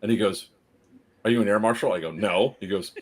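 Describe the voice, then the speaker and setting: On a live stream, a man with a lowish voice tells a story casually at a brisk clip. He's animated, laughs often and plays the characters in his tale.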